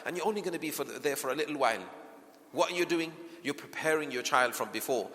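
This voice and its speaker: In a mosque hall with long reverb, a man gives a parenting workshop, speaking fast in a voice on the high side with lively intonation. He often poses rhetorical questions to the audience and softens into gentle acted lines addressed to a child.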